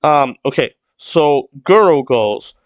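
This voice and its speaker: A man's voice: mid-range voice, animated, slow pace, no echo. Rambling man thinking aloud, dull dry sound. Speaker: streamer reacting to a comic. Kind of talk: casual read-along reaction.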